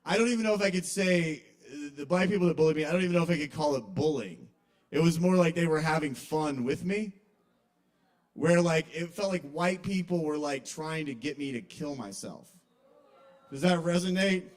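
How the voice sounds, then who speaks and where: A young man doing casual, confessional stand-up comedy at an open mic in a kava bar, with sudden loud outbursts when he quotes people. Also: on the high side, normal speed.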